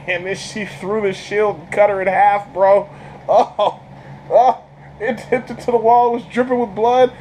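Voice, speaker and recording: A man rambles through a film review with a fairly high voice, full of slang and quick laughs. He trips over repeated words as his excitement builds. A faint air-conditioning hum sits underneath. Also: poor audio. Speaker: channel host reviewing a film. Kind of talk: casual spoiler movie review.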